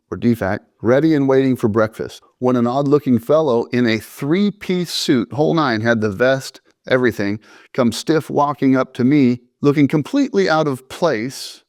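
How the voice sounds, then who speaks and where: A middle-aged army veteran telling a first-person story with dry, matter-of-fact humor and a measured, deliberate delivery. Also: male voice, mid-range voice, darkish tone, no room sound.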